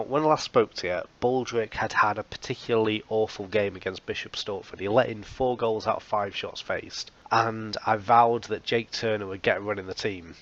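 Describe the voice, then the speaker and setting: A man's voice: on the low side, lo-fi sound. A man hosting a football management let's play, recapping results in a casual, wry, self-mocking way. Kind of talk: casual game commentary.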